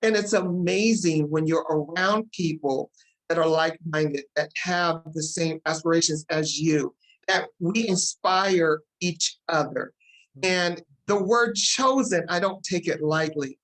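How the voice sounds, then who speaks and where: A woman hosting a talk show, excited and emotional as she introduces her guest. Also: on the low side, low-quality recording. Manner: excited, fast-talking, emotional.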